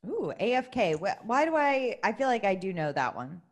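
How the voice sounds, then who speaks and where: A woman's voice: mid-range voice, very animated, moderate pace. A woman co-hosting a podcast in casual, playful chat. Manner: playful, laughs often. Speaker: podcast co-host.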